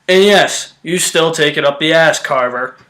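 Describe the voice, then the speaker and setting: A man's voice: fairly high pitch, moderate pace, sharp tone, reverberant. A young man giving a casual, exasperated review rant about a TV show. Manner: ranting, exasperated, blunt.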